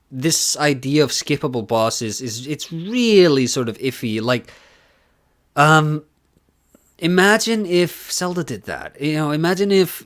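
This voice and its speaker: A man's voice: medium pitch, fairly bright tone. Male streamer, casual rambling commentary, filler-heavy, jokey. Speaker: streamer reacting to a conference talk.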